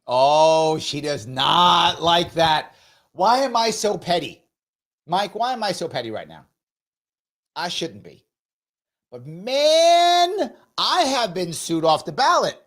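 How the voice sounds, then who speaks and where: A man's voice: fairly high pitch, unhurried. Guy hosting a live political show, snarky and mocking, voice bounces all over the place. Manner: sarcastic, mocking, animated. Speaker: host.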